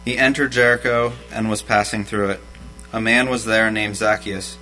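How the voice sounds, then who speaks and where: A man reading a Bible passage aloud in a steady, measured way to a church congregation. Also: lowish voice, low-quality recording. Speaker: scripture reader. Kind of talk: scripture reading. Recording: faint mains hum.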